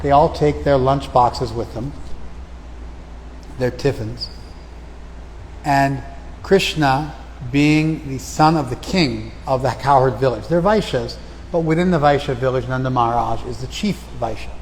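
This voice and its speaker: A man giving a spiritual lecture. He recites verses slowly and then explains them in plain, conversational talk. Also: medium pitch, a little mellow, big-room sound, slight background noise, poor audio. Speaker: lecturer on scripture. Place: outdoor festival.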